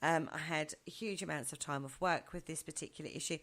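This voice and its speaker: Woman, low and bright voice, chatty studio guest who acts out quotes. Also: brisk. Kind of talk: casual radio chat. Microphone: studio microphone.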